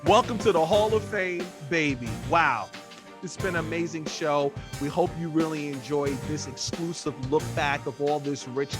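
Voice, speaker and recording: Upbeat podcast host man, higher voice. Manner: enthusiastic, chatty. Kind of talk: podcast outro and storytelling.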